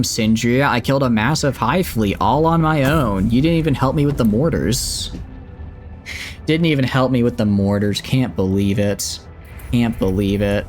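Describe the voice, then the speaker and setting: A man with a Southern accent, chatting and joking while streaming a space game and reading its text aloud. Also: medium pitch. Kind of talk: livestream gameplay commentary.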